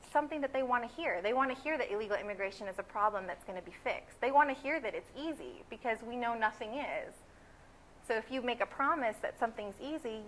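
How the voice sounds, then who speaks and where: A woman's voice: fairly high pitch, fairly bright tone, slight background noise, rough recording. A woman in her twenties from California, a graduate student giving earnest, opinionated interview answers. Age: 20s. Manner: earnest and opinionated, building emphasis.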